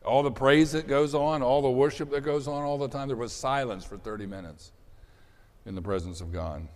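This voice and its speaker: A man preaching a sermon in an animated way, dropping to soft asides and rising to shouted bursts. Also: medium pitch, normal speed. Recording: long hall reverb.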